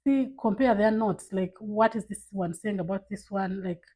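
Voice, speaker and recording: A woman's voice: medium pitch, moderate pace, dark tone, low-quality recording. A woman vlogging to camera in a casual, candid way, giving emphatic advice from her own life. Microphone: camera mic.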